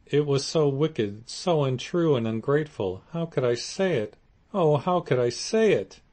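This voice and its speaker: A man reading an audiobook voices a remorseful young wife, pitching his deep voice up and pleading. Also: animated, takes it slowly, darkish tone. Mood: tearful.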